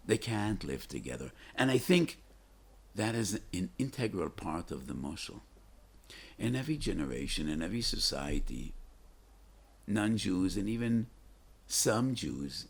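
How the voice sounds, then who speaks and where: An older man, a rabbi, giving a fervent Torah talk full of stories, with sudden emphatic rises and dramatic pauses. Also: sits low, vocal fry, slightly rough.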